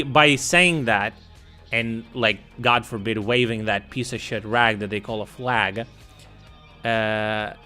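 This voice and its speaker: Man, profane streamer ranting, bright forceful voice, faint music behind. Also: medium pitch. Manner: angry, swearing, loud outbursts. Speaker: streamer reacting to videos. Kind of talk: profane reaction commentary.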